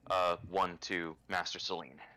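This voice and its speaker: Male player, low bright voice, quick banter. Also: fairly even intonation. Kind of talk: tabletop game banter.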